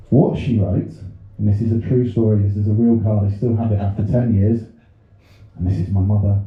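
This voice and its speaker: A man's voice: fairly low pitch, fairly even intonation, moderate pace. Self-mocking man telling stories on stage. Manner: self-deprecating, storytelling with quoted asides. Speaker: stand-up comedian. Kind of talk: stand-up set. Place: comedy club stage. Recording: very echoey, phone-like audio.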